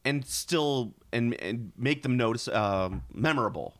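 A man's voice: medium pitch, animated, unhurried, no echo. A man in casual chat who stumbles and repeats words as he talks.

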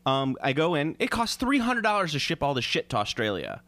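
A man's voice: fairly high pitch, big pitch swings, a little fast, sharp tone, no room sound. A man co-hosting a casual chat, telling crude mocking stories.

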